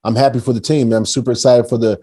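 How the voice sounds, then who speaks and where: A male co-host chats in a laid-back, friendly way and calls people "man" and "brother". His voice is mellow and dark in tone. The sound is dry and close. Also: mid-range voice, fairly even intonation, fast, slightly rough, no echo. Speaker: podcast co-host. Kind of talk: casual chat.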